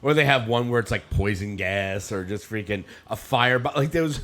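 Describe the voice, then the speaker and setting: A man's voice: on the low side, normal speed, fairly bright tone. A man in his fifties co-hosting a podcast, telling rambling stories in casual chat and laughing often. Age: 50s. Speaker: podcast co-host.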